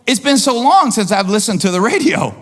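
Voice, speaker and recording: A male pastor preaching a sermon in an animated way, acting out quoted voices and repeating lines for emphasis. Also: high voice, fairly quick.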